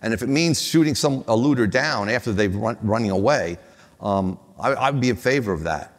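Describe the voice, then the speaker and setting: A man's voice: medium pitch, animated, moderate pace. Older guy rambling through old stories, stops and restarts a lot, echoey hall. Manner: rambling, many restarts, chuckles at own stories. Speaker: panelist. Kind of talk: anecdotal panel talk. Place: conference hall panel. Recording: long reverb of a hall.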